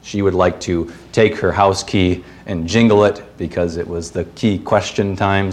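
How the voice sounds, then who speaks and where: Pastor with a low voice preaching. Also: male voice, normal speed, hardly any pauses. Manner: earnest, with playful asides and puns. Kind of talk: sermon. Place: church.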